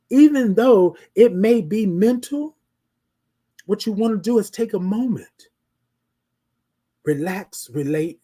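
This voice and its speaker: A live-show host with a medium-pitched, slightly rough voice gives a motivational talk. He repeats phrases in a preacherly way, often poses rhetorical questions to the audience, and calls them ladies and gentlemen.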